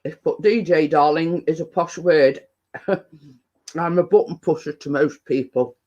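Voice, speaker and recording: A British man chatting casually to viewers on a live stream, his voice pitched high for a man. He talks slowly and rambles, with many fillers, restarts and trailing thoughts, sometimes while chewing. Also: a little mellow, lo-fi sound. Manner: chatty, eats while talking. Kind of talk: casual chat.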